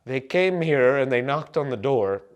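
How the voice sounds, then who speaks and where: A man vlogging to camera in a rambling, absurd comic monologue full of fillers and deadpan jokes. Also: mid-range voice, moderate pace.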